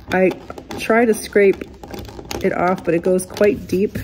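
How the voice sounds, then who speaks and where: A woman's voice: on the low side, warm tone, a little hiss or hum. A woman with a cold and a nasal voice, casually explaining a furniture repair step by step as she works in a workshop. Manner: chatty, explains step by step to viewers. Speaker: furniture restorer. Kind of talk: casual how-to demonstration.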